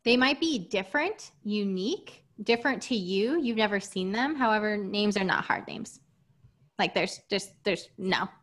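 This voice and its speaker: A woman's voice: mid-range voice, lively intonation, moderate pace, a bit bright. A young adult woman co-hosting a casual podcast chat, emphatic and playful. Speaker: podcast co-host.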